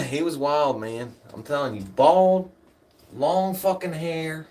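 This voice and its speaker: A man's voice: fairly high pitch, slow pace, darkish tone. A man telling rambling, profane stories in casual chat, laughing often and drifting off on side tangents.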